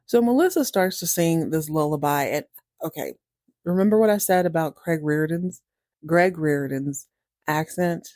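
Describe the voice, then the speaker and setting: Chatty wry woman with a mellow voice. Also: sits low, lively intonation, moderate pace, no echo, studio quality. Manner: chatty and wry, laughs often, acts out quoted lines. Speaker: podcast host recapping a TV series. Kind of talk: casual recap commentary.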